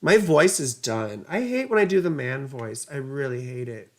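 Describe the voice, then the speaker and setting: A woman's voice: rumbling low, animated, moderate pace. A woman giving a casual astrology reading, chatty and rambling, drifting into side stories. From United States. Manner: rambling, digressive, chatty, self-mocking.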